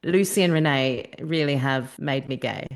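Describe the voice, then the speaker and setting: A woman's voice: low voice, normal speed. An Australian woman co-hosting a podcast in casual chat, swearing freely and laughing often. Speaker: podcast co-host.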